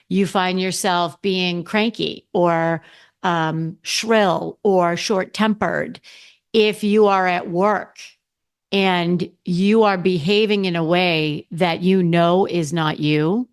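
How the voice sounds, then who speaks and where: A woman's voice: fairly low pitch, clean tone. A middle-aged woman hosting her own podcast, talking casually and candidly, often restarting and correcting herself. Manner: candid, rambling with frequent restarts and self-corrections. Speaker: podcast host. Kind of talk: casual solo podcast talk.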